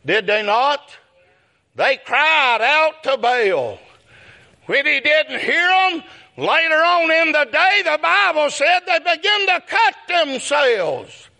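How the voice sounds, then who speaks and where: A man preaching a sermon, calling out to the brethren and his friends, telling folksy stories and rising into shouts. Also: very high voice, very animated, slow, gravelly. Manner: calls out brethren and my friend often, breaking into shouted peaks; folksy storytelling with chuckles.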